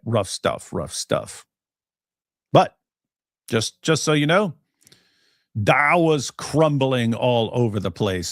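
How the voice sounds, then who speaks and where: A man's voice: lowish voice, no echo, clean studio sound. A man co-hosting a livestream in casual chat, rambling and laughing at his own jokes. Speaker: co-host.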